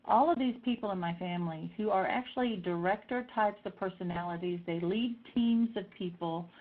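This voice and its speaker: A middle-aged woman telling personal stories in a lively way, acting out the voices of the people she quotes. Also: medium pitch, moderate pace. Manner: animated, acts out voices in quotes. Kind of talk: personal storytelling talk. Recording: tinny phone-like sound.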